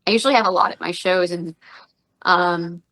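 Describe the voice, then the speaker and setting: Woman, 30s, podcast guest; bright, animated storyteller who acts out quotes. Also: on the low side, moderate pace, low-quality recording. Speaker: guest, professional wrestler and radio personality. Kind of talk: casual podcast interview.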